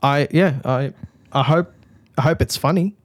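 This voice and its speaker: A man's voice: on the high side, unhurried, no room sound. A man hosting a casual podcast, rambling and joking with plenty of swearing. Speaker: podcast host.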